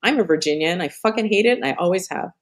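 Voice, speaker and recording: A woman's voice: on the low side, expressive, very fast. A middle-aged woman hosting a live stream in casual chat, rambling off on tangents, swearing and laughing often.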